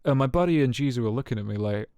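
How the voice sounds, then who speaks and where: A man's voice: medium pitch, expressive, rapid-fire, dark tone, smooth, no echo, clean studio sound. A young man streaming, telling a rambling story to his chat with lots of fillers and swearing. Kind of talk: casual chat with viewers. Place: home streaming setup.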